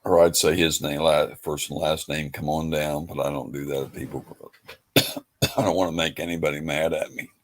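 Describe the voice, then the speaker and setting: A man's voice: extremely low pitch, little pitch movement, moderate pace. A man hosting a livestream, talking in a rambling, folksy, laid-back way. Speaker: livestream host. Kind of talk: casual livestream chat.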